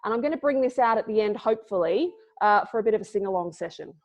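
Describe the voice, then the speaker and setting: A woman's voice: mid-range voice, lively intonation, fast talker. A woman from Scotland giving a playful, casual online talk as a clown presenter, full of dad jokes. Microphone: video call. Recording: lo-fi video call audio.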